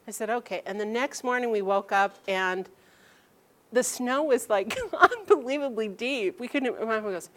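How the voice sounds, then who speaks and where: Brief: middle-aged woman storyteller, lively and laughing, voicing family members' lines. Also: on the high side, moderate pace. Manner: animated, laughing, quoting her mother in lively bursts. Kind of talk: personal storytelling to an audience.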